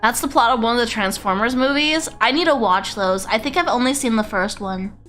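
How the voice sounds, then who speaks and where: A woman VTuber chatting on a casual livestream, rambling, excitable and swearing freely. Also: fairly high pitch, a little fast, soft background music. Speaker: VTuber streamer.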